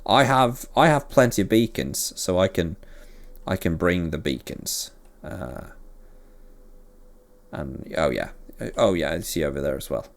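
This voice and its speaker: A man's voice: sits low, animated, unhurried, vocal fry, long pauses. A man hosting a game series, chatting casually and rambling with self-deprecating jokes as he plays. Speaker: let's play host. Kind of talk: casual gameplay commentary.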